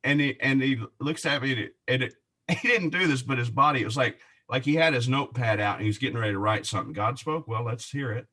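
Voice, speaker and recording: A man telling a personal faith story in conversation, animated and laughing often, with many restarts. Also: medium pitch, quick pace. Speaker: guest.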